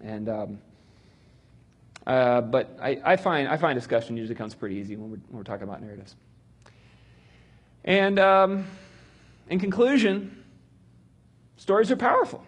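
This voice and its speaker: A man's voice: medium pitch, very animated, normal speed, pauses often, husky. A man teaching a church group about storytelling in a loose, chatty way, full of ums and little laughs. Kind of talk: casual teaching talk.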